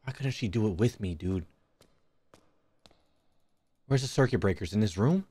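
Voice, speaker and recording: A man's voice: on the low side, expressive, moderate pace, warm tone, husky. A young man streaming a horror game, jumpy and swearing a lot as he talks to his chat and to himself. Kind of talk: live horror gameplay commentary.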